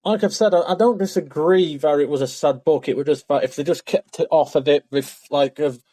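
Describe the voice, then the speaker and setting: A man co-hosting a casual podcast chat, chatty and animated, often saying "to be fair". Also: a little high, brisk, dry recording. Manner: chatty, lively, says "mate" and "to be fair". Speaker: podcast co-host. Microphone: remote call mic.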